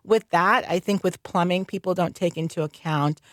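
A woman with a lowish, fairly even voice speaks at a moderate pace with a slightly bright tone, recorded in studio quality with no echo. A licensed general contractor from North Carolina, she talks candidly in a radio interview, chatty, laughing often and using plenty of fillers.

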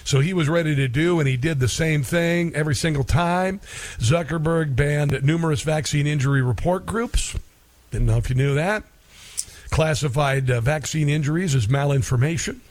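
A man's voice: fairly high pitch, moderate pace, no echo. A middle-aged man hosting a talk radio show in a rambling, sarcastic, folksy monologue.

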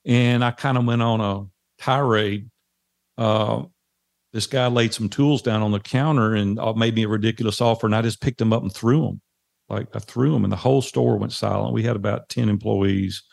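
A man's voice: on the low side, fairly even intonation, normal speed, creaky, a little mellow. A man, a podcast guest earnestly recounting a life story and quoting what people said. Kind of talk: personal storytelling in conversation.

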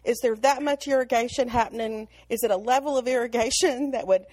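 A woman with a Southern American accent from Alabama co-hosts a casual podcast over an online call. Her voice sits on the high side with a darkish tone, and she talks briskly, chatting, telling stories and laughing often. The recording is dry.

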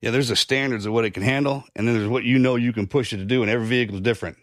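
A man's voice: medium pitch, fairly even intonation, very fast, no echo, clean studio sound. A man co-hosting a podcast, folksy and rambling, who spins long analogies and swears casually. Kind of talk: conversational podcast talk.

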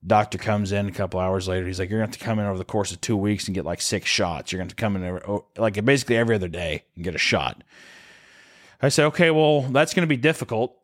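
A drunk man telling a comic podcast story in a rambling, profane way, now and then breaking into shrill screams for a bit. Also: quick pace. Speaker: podcast co-host. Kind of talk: comedic storytelling.

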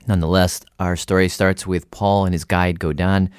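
A man hosting a radio show, narrating and asking curious, animated questions. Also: sits low, moderate pace, clean tone, no room sound, studio quality.

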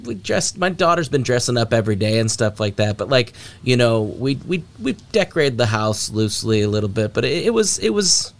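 Male panelist, dad, gravelly voice, halting self-mocking delivery. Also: medium pitch, big pitch swings. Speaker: panelist, father. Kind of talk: casual panel chat.

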